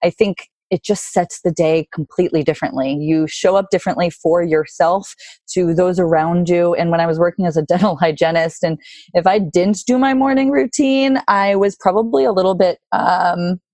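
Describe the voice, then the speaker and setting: A woman's voice: lowish voice, normal speed, a little mellow, no echo. A woman guest in a casual conversation, reflective and earnest, with frequent fillers. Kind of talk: casual chat.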